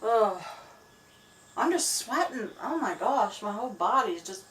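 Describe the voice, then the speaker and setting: A woman's voice: medium pitch, lively intonation, unhurried, a bit bright, rough recording. A woman talking casually to a camera in a small woodland cabin, chatty and giggly.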